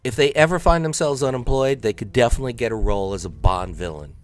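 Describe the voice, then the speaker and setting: A man's voice: mid-range voice, fast talker, soft background music. A man hosting a let's play, rambling between topics, joking and taunting the enemies he fights. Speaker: gaming video host.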